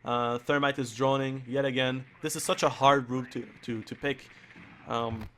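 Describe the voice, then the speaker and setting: Halting, hoarse male esports caster. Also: mid-range voice, steady tone, a bit bright, a little hiss or hum. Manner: halting, with frequent restarts and fillers. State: hoarse, losing his voice. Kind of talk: live play-by-play commentary.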